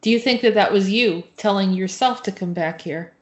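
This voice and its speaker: A woman's voice: medium pitch, normal speed. Woman interviewer in an echoey room. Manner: soft-spoken, brief encouraging responses. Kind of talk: casual interview questions. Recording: echoey, dull lo-fi call audio.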